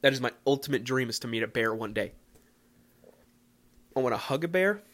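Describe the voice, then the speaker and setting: A young man from the Philadelphia area hosting a casual solo podcast, rambling and self-mocking with excitable bursts. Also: mid-range voice, a little fast. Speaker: podcast host.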